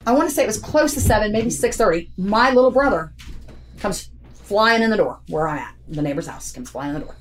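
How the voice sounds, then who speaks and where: This woman talks briskly in a medium-pitched voice with lively intonation, and there's slight background noise. Interviewed about a family tragedy, she recounts it firsthand, bluntly, repeating herself as the strain shows.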